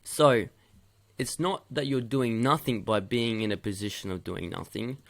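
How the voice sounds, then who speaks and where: A man's voice: on the low side, vocal fry. A male youth football coach giving stern feedback on match video, hammering his points home by repeating them.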